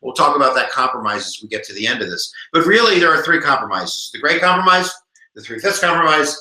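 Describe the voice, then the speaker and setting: An American man in his forties, a former history teacher, giving a jokey, animated live exam review to viewers online. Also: on the high side, fast talker, roomy sound, rough recording.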